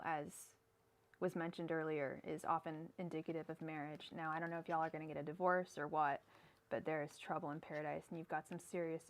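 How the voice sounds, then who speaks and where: Woman ranting as a live tarot reader. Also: lowish voice. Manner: murmurs repeated card invocations, then rants heatedly; casual, swears, calls viewers girl. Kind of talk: live-stream tarot reading.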